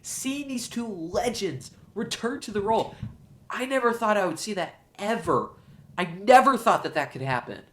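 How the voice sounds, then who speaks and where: Excitable man gushing about a film. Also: high voice, normal speed, slight background noise. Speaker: show host, film reviewer. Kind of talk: enthusiastic solo movie review.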